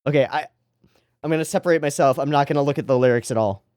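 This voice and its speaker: An anime reaction host talking casually and excitably, rambling into giggly asides while watching an episode. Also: medium pitch, quick pace, dry recording, studio quality.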